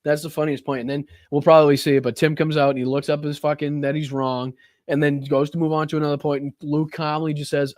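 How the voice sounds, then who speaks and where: A man's voice: on the high side, little pitch movement, quick pace, darkish tone, no room sound, studio quality. A man reading out clips and ranting about them with heavy profanity. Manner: reads clips aloud, then comments. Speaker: political commentator. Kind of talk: profane reaction commentary.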